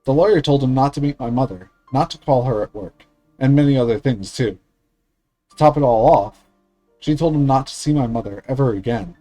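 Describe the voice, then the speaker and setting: A man streamer reading a visual novel aloud in a steady, earnest way with small slips. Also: medium pitch, a little fast, soft background music, poor audio.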